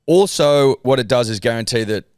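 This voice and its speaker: Australian male co-host, low, animated deadpan, dry close recording. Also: normal speed, no room sound. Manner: deadpan, insistent and self-defending. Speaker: podcast co-host. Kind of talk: casual banter.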